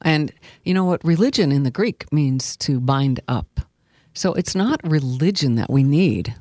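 A woman's voice: low-pitched, a little slow, dry recording, clean studio sound. A woman author reading her memoir earnestly and expressively, then chatting as a guest. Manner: earnest and expressive, with filler hesitations.

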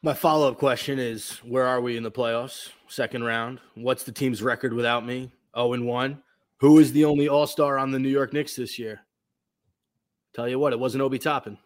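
A man's voice: medium pitch, fairly even intonation, normal speed, lightly acted. A man playing a boastful male star basketball player who fires off rhetorical questions. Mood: cocky.

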